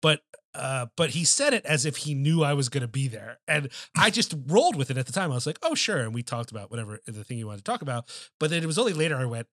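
A man's voice: medium pitch, sing-song, quick pace, hardly any pauses, a bit bright, no echo. Man, podcast co-host, casual chat, rambling storyteller, profane, filler-heavy, dry sound.

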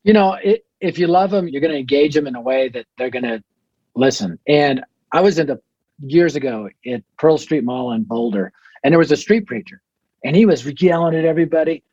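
A man, a ministry leader as guest on a podcast interview, who tells energetic stories and acts out conversations. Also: fairly high pitch, brisk, no room sound, lo-fi sound. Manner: energetic storyteller acting out conversations.

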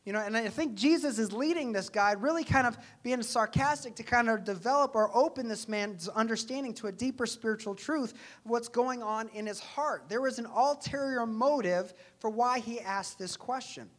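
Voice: medium pitch, moderate pace, few pauses, a bit bright. A pastor preaching a sermon in a church, earnest and conversational, often asking rhetorical questions.

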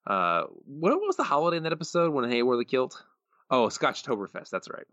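A man's voice: mid-range voice, big pitch swings, quick pace, fairly bright tone, dry recording, muffled recording. A man co-hosting a podcast, reading listener quotes aloud in a joking, opinionated way. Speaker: podcast co-host. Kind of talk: casual podcast chat.

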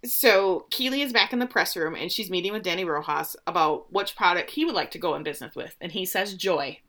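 A woman with a bright, forward voice chats casually as a podcast co-host. She retells scenes with animated energy and jumps into the characters' lines as she goes. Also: on the low side, fairly quick. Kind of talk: casual recap chat.

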